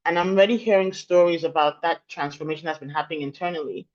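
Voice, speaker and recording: A woman's voice: deep voice, quick pace, a little mellow. A woman, a program leader giving a reflective closing speech over a video call, stacking phrases for emphasis. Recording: dull lo-fi call audio.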